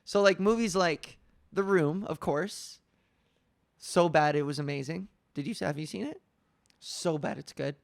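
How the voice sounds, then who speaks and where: A young woman hosting a podcast, telling stories in a casual, animated way with lots of fillers. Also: low-pitched, a little slow, gravelly, no echo. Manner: animated storytelling with frequent laughs and fillers. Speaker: podcast host. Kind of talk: casual chat.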